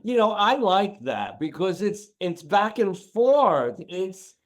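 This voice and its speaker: A man's voice: high voice, big pitch swings, slow. A man who trains dogs, guest on a podcast, talking casually and emotionally, repeating himself for emphasis. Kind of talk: casual interview talk.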